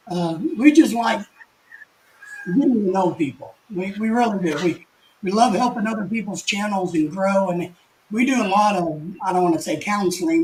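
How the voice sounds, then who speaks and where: An older man with a fairly high-pitched voice hosts a casual live stream from home. He reads out viewer comments in a folksy, rambling way, restarting his sentences and chuckling as he goes. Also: a little mellow, slight background noise, low-quality recording.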